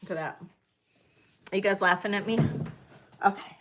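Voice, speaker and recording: A woman's voice: mid-range voice, fairly even intonation, normal speed, a bit bright, slight background noise. A middle-aged woman hosting a live vintage jewelry auction, talking in a chatty, scattered, self-deprecating way to her viewers. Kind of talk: casual live-stream selling chat.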